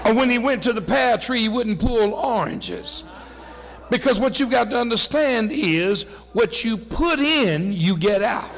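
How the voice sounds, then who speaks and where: High, gravelly preacher man in a hall. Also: lively intonation, a little slow, some chatter behind. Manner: call-and-response preaching, swelling to shouts then dropping low. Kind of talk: sermon.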